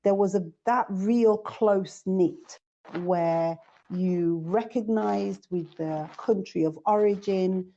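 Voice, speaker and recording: A woman's voice: mid-range voice, slow pace, dark tone. A woman from the United Kingdom, a guest sharing reflective stories in casual chat. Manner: reflective, storytelling. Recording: dull lo-fi audio.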